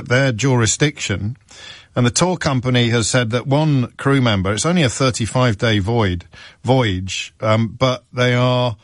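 A man's voice: medium pitch, no room sound, studio quality. A middle-aged man hosting a radio phone-in show, telling stories in a wry, rambling way and correcting himself as he goes. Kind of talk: chatty on-air monologue. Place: radio studio.

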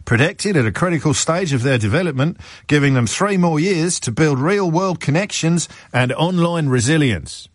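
A man putting on a mock Australian accent, lifting his pitch in an exaggerated way. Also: expressive, normal speed, dry recording, studio quality.

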